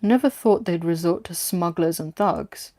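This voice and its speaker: A woman voicing a wary, sharp-tongued young woman in a read-aloud story. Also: lowish voice, a little slow, no echo, clean studio sound, lightly acted. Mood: guarded. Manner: curt, guarded.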